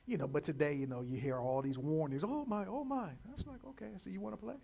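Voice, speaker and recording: A man preaching a sermon, repeating words and building to loud calls to his listeners. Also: high-pitched, animated, fast, creaky, few pauses. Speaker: pastor.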